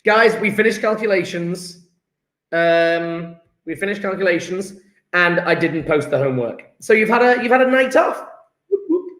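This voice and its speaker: A male teacher with an expressive, high-pitched, fairly bright voice talks at normal speed in a roomy-sounding space. Taking the register during a live-streamed online class, he chats, jokes and reads the students' chat aloud.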